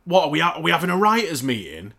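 A man's voice: on the high side, wildly swooping pitch, fast, creaky, bright, forceful tone. A man, co-hosting a podcast, rants in a casual, sarcastic and heavily profane way. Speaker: podcast co-host.

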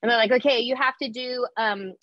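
A woman chatting as a guest, telling her story in an animated, laughing manner. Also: a little high, brisk, no room sound, muffled recording. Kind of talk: casual chat.

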